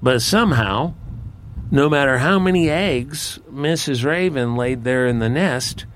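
A man telling a folk tale in a relaxed, conversational, folksy way. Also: mid-range voice, unhurried, slight background noise. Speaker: storyteller. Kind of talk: folksy spoken storytelling.

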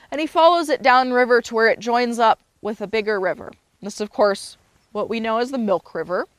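A woman's voice: fairly high pitch, brisk, clean tone, no room sound. Woman telling a tale aloud, dry sound. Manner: loose and unscripted, with fillers and self-corrections. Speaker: storyteller. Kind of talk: casual spoken storytelling.

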